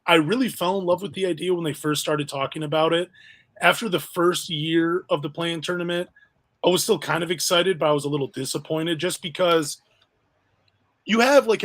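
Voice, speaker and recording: A man with a fairly high voice and a gravelly rasp hosts a casual sports podcast. He talks in a chatty, easygoing way and keeps tossing questions to his co-host. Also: a bit bright. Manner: chatty, asks questions, self-deprecating.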